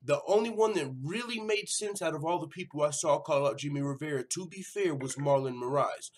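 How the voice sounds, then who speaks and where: Fairly high-pitched and fairly quick, the host of an MMA news channel swears liberally in his casual vlog. He dramatizes the quotes while keeping the talk loose and informal.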